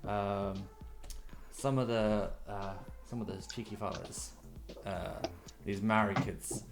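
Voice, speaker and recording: A man's voice: lowish voice, fairly even intonation, slow, loud music behind the voice. Rambling male game master. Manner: rambling, descriptive, loose storytelling with fillers. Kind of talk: narrating a tabletop game.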